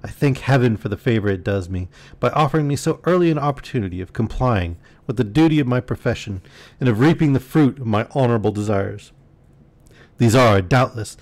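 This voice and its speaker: A man voicing an old would-be knight who speaks in a grandly formal, declaiming way, raised above his usual pitch. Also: darkish tone, natural voice. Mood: solemn. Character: proud, indignant old would-be knight, male.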